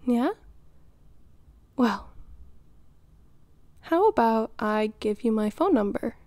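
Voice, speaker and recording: In an audio role-play, a woman plays a doting, flirty middle-aged mother who nurtures and teases, giggling and pausing in a flustered way. Her voice sits a little high and is a little mellow, with lively intonation and no echo.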